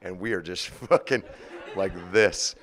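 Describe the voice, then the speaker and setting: A man in his forties, the guest of an interview, telling stories in an animated, profane way with frequent laughter. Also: low-pitched, measured pace, a faint crowd. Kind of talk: storytelling interview.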